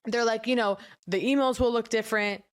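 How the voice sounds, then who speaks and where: Animated woman telling a story on a podcast. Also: brisk. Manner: animated storyteller, acts out quoted voices with big pitch jumps. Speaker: podcast co-host. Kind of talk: casual comedic chat.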